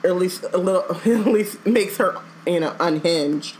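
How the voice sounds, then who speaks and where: A woman's voice: on the low side, moderate pace, a little mellow, a little hiss or hum, poor audio. A woman co-hosting a casual podcast, talking in rambling sentences full of "like" and restarts. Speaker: podcast co-host. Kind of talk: casual chat.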